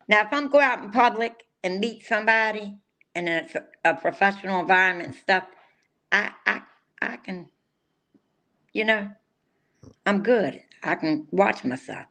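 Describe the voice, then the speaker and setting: Older woman, podcast co-host, loose rambling delivery, gets amped up fast. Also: mid-range voice, gravelly. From North Carolina. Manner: rambling, excitable, restarts often. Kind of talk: casual chat.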